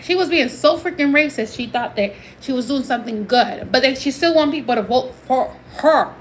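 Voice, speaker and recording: A high-voiced woman from Puerto Rico delivers a heated, emphatic livestream rant at normal speed, switching into Spanish now and then. The audio is poor, with a faint hiss beneath her voice.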